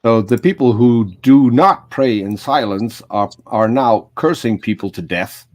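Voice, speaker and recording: Guy on stream cracking jokes, stammers, middle pitch voice. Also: animated, measured pace, darkish tone. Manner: joking, stammers on restarts. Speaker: stream producer. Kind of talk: casual chat.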